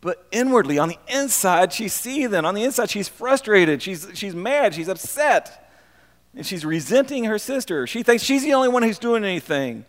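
A man preaching a conversational sermon as pastor, animated and given to repeating phrases for emphasis. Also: high voice, long reverb tail.

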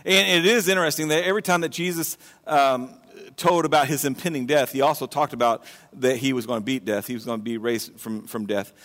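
A man preaching a sermon in a conversational, animated way, often restarting his phrases. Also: medium pitch, brisk. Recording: long reverb of a large hall.

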